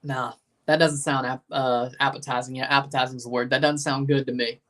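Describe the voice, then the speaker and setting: Casual male streamer, mid-pitch, chatty and sarcastic, live match reactions. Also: flat delivery, a little fast, fairly bright tone. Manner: chatty, reads chat aloud, sarcastic asides. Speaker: livestream host reacting to a soccer match. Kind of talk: casual live watchalong commentary.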